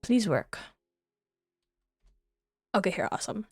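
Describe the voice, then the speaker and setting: A young woman chats on stream in an unhurried, lilting voice that swings high and low. She giggles often and drops casual swears between tender words. The sound is dry and close, with soft music underneath. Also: animated, no echo. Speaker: VTuber streamer.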